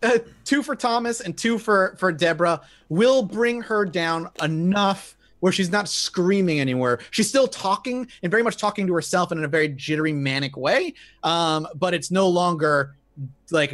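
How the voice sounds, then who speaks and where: A man narrating a horror tabletop game as game master, slowing down for atmosphere and stumbling now and then. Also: fairly high pitch, fairly bright tone, no echo.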